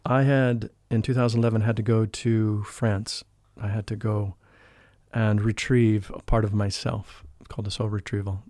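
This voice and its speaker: A man talking as a guest in an interview, telling a personal spiritual story in an earnest, emotional way. He often drops into a hushed voice when he quotes people. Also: fairly low pitch, little pitch movement, normal speed, no room sound, studio quality. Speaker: podcast guest, spiritual life coach.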